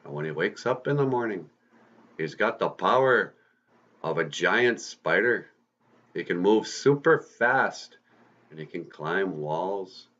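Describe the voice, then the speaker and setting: A man's voice: low-pitched, lively intonation, slow, a bit bright. A man, a podcast host, telling a story to kids in a casual, folksy way with rambling asides. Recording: slightly muffled lo-fi recording.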